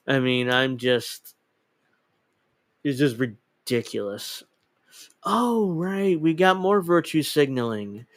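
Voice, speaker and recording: A man's voice: mid-range voice, slow, dry recording. A man hosting a casual political commentary show, talking bluntly and dismissively and swearing freely. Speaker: host.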